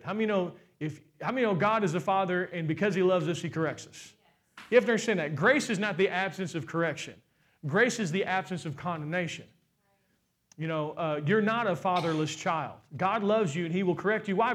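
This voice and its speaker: A young man with a high voice preaches a sermon. He keeps putting questions to the congregation and climbs to loud, emphatic shouts. His voice sits well above most men's. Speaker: pastor.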